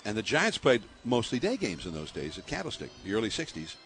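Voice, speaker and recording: Older man telling lively anecdotes. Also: fairly low pitch, a little fast. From San Francisco Bay Area, US. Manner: lively anecdotes, laughing often, with many fillers. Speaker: baseball broadcaster. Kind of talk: storytelling in an interview.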